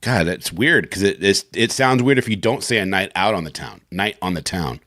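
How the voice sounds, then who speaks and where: A man with a very low voice that swings widely in pitch, recorded close and dry. He talks in a casual, animated way, laughing often and swearing freely. He is reading comic voiceovers and chatting. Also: normal speed, no echo. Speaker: voiceover reader and podcast co-host. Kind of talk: casual chat and recording session.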